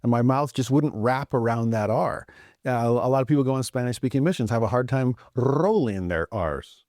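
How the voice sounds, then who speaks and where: Brief: male scripture teacher, casual and conversational, mid pitch, dry close-mic sound. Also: lively intonation, moderate pace, darkish tone, dry recording. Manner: conversational, thinks aloud with restarts.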